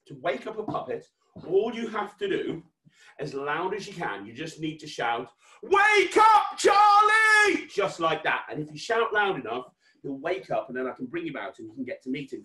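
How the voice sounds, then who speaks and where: A British man performing as a children's magician on a virtual party call, hyping kids to shout along and bantering playfully with his puppet. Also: a little high. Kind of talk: virtual kids' magic show. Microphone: video call. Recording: roomy echo.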